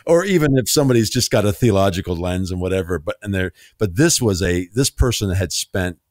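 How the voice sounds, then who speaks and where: Hosting a laid-back podcast chat, a man with a low, deep voice tells animated stories at a fairly quick pace, slipping into quoted dialogue and laughing readily. The audio is close and dry, with no room sound at all.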